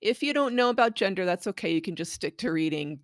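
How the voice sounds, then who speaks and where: A woman's voice: medium pitch, animated, fast, no echo, studio quality. A woman giving patient, explanatory tips to parents on reading a bilingual picture book aloud to their children. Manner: patient, explaining, models read-aloud phrases. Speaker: children's language book presenter.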